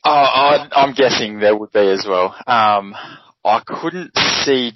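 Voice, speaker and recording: A man's voice: medium pitch, takes it slowly, no echo. A man co-hosting a casual sports podcast, explaining things at an easy pace with plenty of ums. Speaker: podcast co-host. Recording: dry, dull lo-fi podcast audio.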